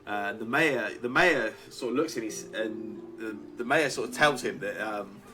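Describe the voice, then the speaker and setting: A man narrating a tabletop game as game master, halting with many fillers. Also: lowish voice, sharp tone, faint music behind.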